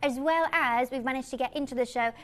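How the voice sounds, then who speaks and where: A woman's voice: high voice, quick pace, fairly bright tone. Friendly woman talking skincare on air. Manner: friendly, conversational product talk. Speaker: beauty brand presenter. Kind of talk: live TV shopping presentation.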